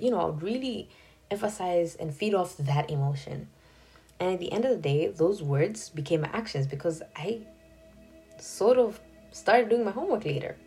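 Husky low-voiced young woman podcaster. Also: moderate pace, a little mellow. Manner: candid and confessional, chatty. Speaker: podcast host. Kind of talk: casual solo podcast talk. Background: faint background music.

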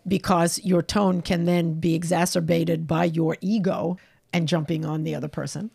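A woman with a New York accent talks frankly and confidently about voice, her tone low and gravelly with some vocal fry. The sound is close and dry, with no room echo. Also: flat delivery, normal speed, a little mellow. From New York, Long Island. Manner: confident, frank, laughs easily. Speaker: guest, voice expert. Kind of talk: casual podcast interview.

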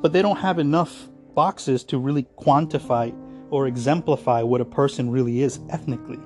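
A man from Virginia rants on his solo podcast, heated and sarcastic, swearing freely. His voice is mellow and mid-pitched. Soft guitar music plays faintly behind. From United States (Virginia). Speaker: podcast host.

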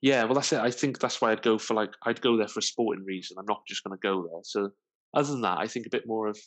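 A man's voice: fairly low pitch, fast. A man co-hosting a podcast in casual chat, easygoing and full of fillers. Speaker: podcast co-host.

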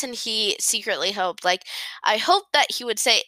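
A woman rambles through a recap of a novel, giggling and apologizing to her listeners. Her voice is fairly high and bright and her pace is unhurried. It is recorded close and dry, with no room sound at all. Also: no echo. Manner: giggly, self-deprecating, apologetic. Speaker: podcast host recapping a novel. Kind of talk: casual rambling book recap.

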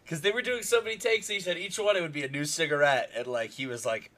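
A man's voice: a little high, fairly even intonation, quick pace, a bit bright. A young man chatting casually about a movie, rambling with lots of fillers and restarts.

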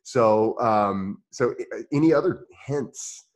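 Rambling country-accented podcast host. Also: male voice, on the low side, takes it slowly. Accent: rural Midwestern American. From Indiana, United States. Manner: rambling, many restarts and fillers, laughs easily. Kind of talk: casual interview chat.

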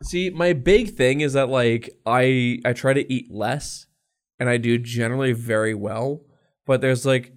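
A man's voice: mid-range voice, measured pace. A young man co-hosting a podcast, telling loose stories in casual chat, swearing often and laughing along as he goes. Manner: swears constantly, laughs through his own stories. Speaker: podcast co-host.

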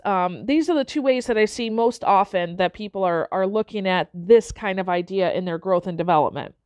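A woman speaks as a motivational coach, her voice sitting a little higher than most. She keeps checking in with her listeners with short tags as she talks them through an idea. The recording is dry and close, with no room sound. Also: dry recording. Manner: frequent checking-in tags like okay and right. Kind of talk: motivational talk to an audience.

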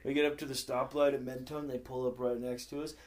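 A man's voice: medium pitch, level tone, fast talker. A young man telling crude driving stories in a casual podcast chat, swearing freely and acting out quotes. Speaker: podcast co-host. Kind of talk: casual storytelling.

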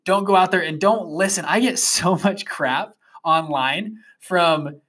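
A young man in his twenties hosts a podcast and tells a motivational story in a loose, animated monologue. His voice is bright and forceful. He rambles, piling up fillers and restarts as he goes. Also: high voice, a little slow. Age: 20s. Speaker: podcast host.

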